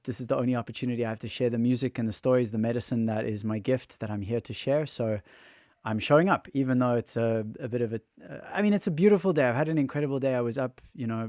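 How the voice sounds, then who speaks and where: A man's voice: medium pitch, a little mellow, dry recording, studio quality. A man chatting openly on a livestream, feeling exhausted and emotional, his throat raw, rambling and restarting his sentences. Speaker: livestreamer and musician. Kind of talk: casual livestream chat.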